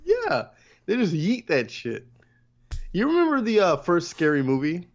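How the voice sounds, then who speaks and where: Brief: crude, swearing, joking co-host with an extremely animated voice on muffled lo-fi audio. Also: medium pitch, unhurried. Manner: crude, joking, swears freely, laughs often. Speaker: podcast co-host. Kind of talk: casual chat recapping a cartoon episode.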